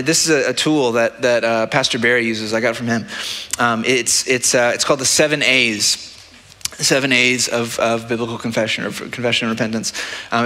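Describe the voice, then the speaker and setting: A male pastor gives a sermon with a bright, forceful voice at an ordinary middle pitch. His delivery is plain and conversational, and he keeps tossing "right?" to the congregation. The sound rings with a long church-hall reverb. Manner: conversational, practical, with frequent "right?" asides.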